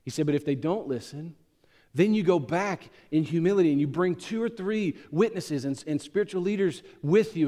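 Preaching man with a slightly high voice, big hall reverb. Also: normal speed. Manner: impassioned preaching, swinging between loud emphatic peaks and hushed low asides. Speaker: pastor. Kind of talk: sermon.

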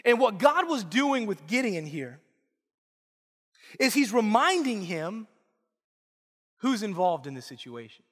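High-pitched guy preaching a sermon, earnest and emphatic, big echoey church sound. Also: big pitch swings, measured pace, long pauses, a bit bright. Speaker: pastor.

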